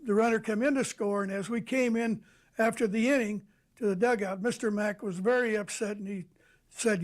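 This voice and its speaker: An older former ballplayer telling an anecdote in an interview, unhurried and storytelling. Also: male voice, high voice, fairly even intonation.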